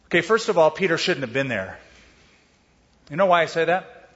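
A man's voice: a little high, animated, normal speed, fairly bright tone. A man preaching a Bible sermon in a conversational way, with casual asides and rhetorical questions. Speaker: pastor. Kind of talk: expository sermon. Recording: dull sound with long hall reverb.

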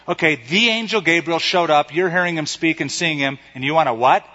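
A male preacher giving a sermon in a conversational, animated way, retelling stories and acting out quotes. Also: fairly high pitch, moderate pace. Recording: echoey hall, slightly dull sound.

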